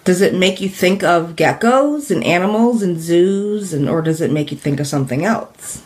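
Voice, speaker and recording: A woman's voice: on the low side, lively intonation, moderate pace, darkish tone. A woman teaching in a live stream, talking casually with many fillers, asking viewers questions, repeating her points and laughing lightly. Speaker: direct sales business coach.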